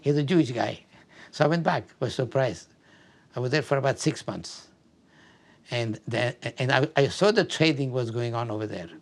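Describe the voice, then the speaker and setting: A man's voice: mid-range voice, animated. Older guy from afghanistan, talks in stops and starts, lots of repeats, telling old stories. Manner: halting, repeats words often. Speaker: interviewee. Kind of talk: oral history interview.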